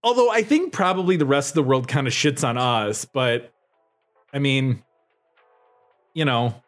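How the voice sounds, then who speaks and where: A man's voice: mid-range voice, lively intonation, measured pace, faint music behind. A young man co-hosting a casual chat podcast, telling a story in a rambling way with many fillers and swears. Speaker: podcast co-host.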